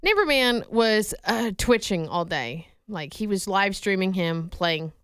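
Woman on the radio chatting, tells stories, laughs a lot, smooth voice, dry mic. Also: medium pitch, lively intonation, a little slow, fairly bright tone, no room sound. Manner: chatty storyteller, laughs often. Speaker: radio show co-host. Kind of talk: casual radio banter.

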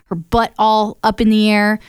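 Young female radio co-host, chatty storyteller, smooth clear voice, dry studio sound. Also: mid-range voice, normal speed, dry recording. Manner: chatty storyteller, animated retelling. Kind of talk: casual radio chat.

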